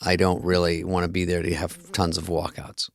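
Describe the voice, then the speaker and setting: A man's voice: sits low, completely flat delivery, normal speed, gravelly. A man from Arizona and California co-hosting a podcast, talking in a laid-back, wry, self-deprecating way. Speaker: podcast co-host. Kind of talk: casual chat.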